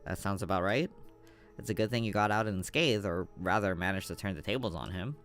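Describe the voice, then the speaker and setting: A man voicing a calm private investigator. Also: sits low, faint music behind, pitched below the performer's own voice. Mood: measured. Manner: measured, polite.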